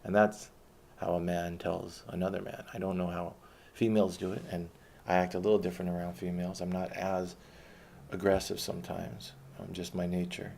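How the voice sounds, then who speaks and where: A man's voice: deep voice, little pitch movement, moderate pace, gravelly, a little mellow, a little hiss or hum. A man telling a personal story in a blunt, rambling way, retelling conversations as he goes.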